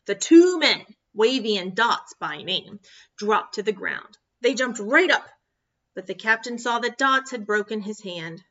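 A woman reads a children's storybook aloud slowly and expressively, with a bright, fairly high voice. The recording has a dull, lo-fi sound. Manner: expressive, slow, animated. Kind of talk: reading a picture book aloud.

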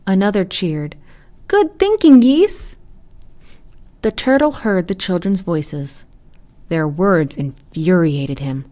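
Calm woman reading a storybook aloud. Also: on the low side. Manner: calm, quiet and measured. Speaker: story reader. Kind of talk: scripted storybook narration.

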